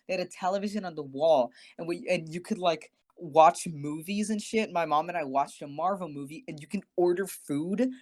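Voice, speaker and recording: A man's voice: fairly high pitch, normal speed, few pauses, a little mellow. Young male podcast co-host, swears freely, tells a story with animation and acts out the voices of people he quotes. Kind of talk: casual storytelling.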